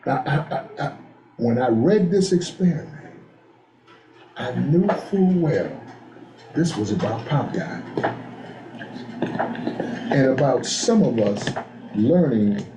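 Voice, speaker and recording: A man's voice: mid-range voice, slow, long pauses, reverberant. A man leading a men's group in a motivational talk, telling stories and calling for responses from the room. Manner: animated storyteller, call-and-response with the room.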